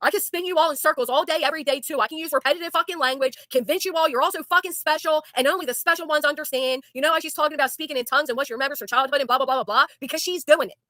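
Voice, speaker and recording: A woman's voice: high-pitched, rapid-fire, few pauses, sharp tone, dry recording, studio quality. A woman hosting a talk show, speaking in an angry, sarcastic, profane rant to her guest. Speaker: YouTube commentary host. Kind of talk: heated casual talk with a guest.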